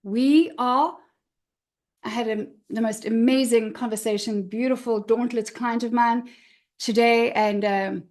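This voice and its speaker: A middle-aged woman coach giving a motivational talk, expressive and emphatic, repeating her key words. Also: on the high side, unhurried. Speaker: confidence coach.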